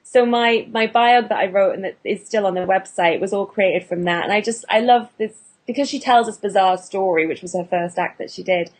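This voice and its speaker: A British woman from England, a burlesque performer and actor, chats casually in an interview full of restarts and fillers. Her voice is mid-range and her pace brisk.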